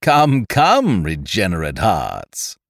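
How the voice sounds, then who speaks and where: A man's voice: deep voice, wildly swooping pitch, slow, creaky, dry recording, studio quality, full character voice. A man voicing a cheerful, mocking pirate captain who gloats over his beaten rivals. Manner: gloating, blithe, derisive.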